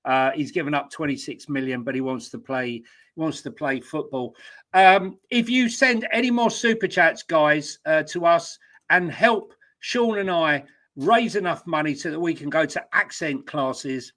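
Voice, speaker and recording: A man co-hosts a football podcast in easy, casual chat. His voice is bright and slightly high, and he mocks himself a little. He talks through transfer news at a quick clip. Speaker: podcast co-host.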